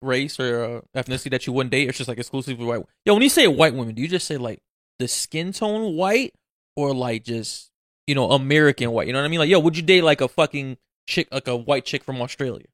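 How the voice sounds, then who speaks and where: A man hosting a casual chat, animated and profane, opening lines with "yo". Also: mid-range voice, quick pace, no echo, studio quality. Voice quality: animated, swears a lot, starts lines with "yo".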